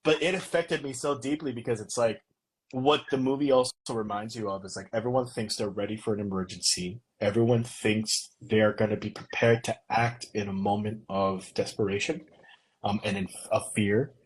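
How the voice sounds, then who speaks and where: Husky-voiced man hosting a casual podcast. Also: fairly low pitch, moderate pace, low-quality recording. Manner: rambling, laughs often, animated storytelling. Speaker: podcast host. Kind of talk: casual chat.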